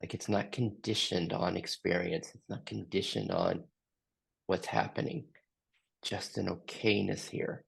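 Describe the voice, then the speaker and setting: A man facilitating a group session, gently asking slow, open questions. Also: sits low, steady tone, gravelly, husky. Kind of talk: guided group reflection.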